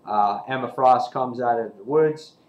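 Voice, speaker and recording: A man casually reviewing a comic book, excited and rambling, with lots of fillers and restarts. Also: medium pitch, unhurried, roomy sound, dull audio.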